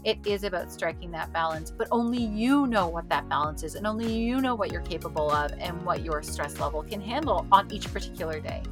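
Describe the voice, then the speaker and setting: A woman co-hosting a podcast in casual chat, talking in an animated way and acting out quotes in a loud voice. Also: lowish voice, brisk, few pauses, over music. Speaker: podcast co-host.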